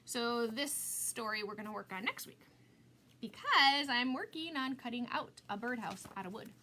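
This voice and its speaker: Bright, chatty woman hosting a craft demo. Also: on the high side, expressive, normal speed, slight background noise. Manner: chatty, self-mocking, laughs often. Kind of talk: casual live craft demo.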